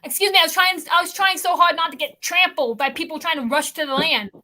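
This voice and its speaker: High bright-voiced young woman chatting. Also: steady tone, fast talker. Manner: chatty, rambling, lots of "like" fillers. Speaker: host. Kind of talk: casual chat.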